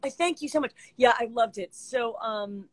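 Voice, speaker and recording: A woman chatting as a guest over a video call, gushing and quick to laugh. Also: on the high side, no room sound. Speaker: guest actress.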